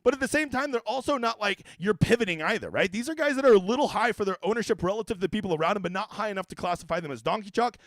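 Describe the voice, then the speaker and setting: A man's voice: high voice, lively intonation, racing, hardly any pauses, dry recording. A man hosting a casual fantasy golf livestream, talking in brash, profane, joking rants. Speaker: fantasy sports golf analyst.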